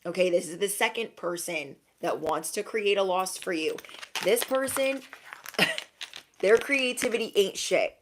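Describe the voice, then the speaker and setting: A woman's voice: medium pitch, animated, a little slow. A young adult woman giving a casual intuitive reading to her viewers, frank and chatty, full of "like" fillers. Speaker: intuitive card reader.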